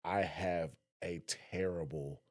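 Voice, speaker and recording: Low-voiced man, animated storyteller. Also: slow. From Southern West Virginia. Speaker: podcast co-host. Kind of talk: casual conversation.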